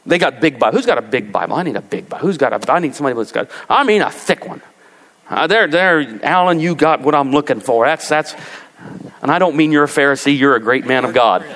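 A man preaching a sermon as pastor, animated and rising to emphatic peaks. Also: medium pitch, quick pace. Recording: long reverb of a large hall.

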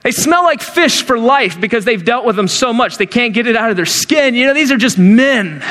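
A middle-aged man preaching a sermon as a pastor, telling the story in an animated way and acting out the quotes in character voices. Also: very high voice, moderate pace. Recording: long hall reverb.

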